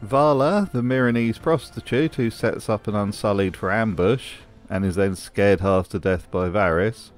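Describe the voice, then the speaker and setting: A man's voice: on the low side, normal speed, few pauses, faint music behind. A man hosting a scripted commentary video, with a wry, sarcastic manner. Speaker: host.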